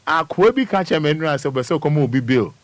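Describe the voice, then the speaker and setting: A man's voice: on the high side, animated, fast, no echo. Playful male radio host. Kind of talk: casual radio chat. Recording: radio broadcast.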